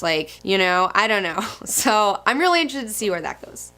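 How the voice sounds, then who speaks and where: Bright-voiced, excitable young woman. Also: mid-range voice, quick pace, few pauses. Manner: gushing, excitable and profane. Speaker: comic book reviewer. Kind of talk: casual commentary.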